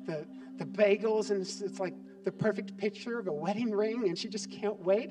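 A man's voice: high-pitched, normal speed, few pauses. A male pastor preaching a sermon, telling a story and dropping his voice for emphasis. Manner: storytelling, drops quiet for emphasis. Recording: distant mic with background music.

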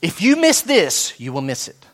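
A man preaching a sermon, animated, with sudden soft drops and slow, emphatic repetition of key phrases. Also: fairly high pitch. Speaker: pastor.

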